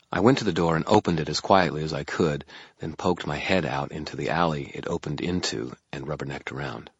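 Very deep, husky male narrator. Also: fairly bright tone, no room sound. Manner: wry, dry first-person narration. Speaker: audiobook narrator. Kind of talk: first-person audiobook narration. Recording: muffled lo-fi recording.

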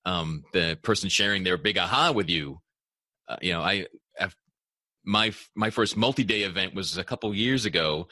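A man hosting a podcast in casual conversation, playful and quick to laugh, often restarting his sentences. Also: sits low, bright, forceful tone, dry recording. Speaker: podcast host.

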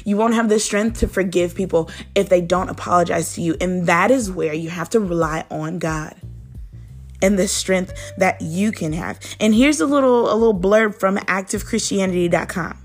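A woman's voice: on the low side, moderate pace, soft background music. A woman hosting a daily devotional, teaching in an earnest, conversational way and speaking straight to the listener. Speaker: devotional host.

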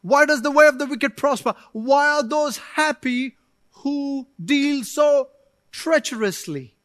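A man with a strikingly high voice delivers a sermon as a pastor. He preaches with animation, drops playful asides and acts out prayers to God. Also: slow pace, a bit bright, no room sound, studio quality.

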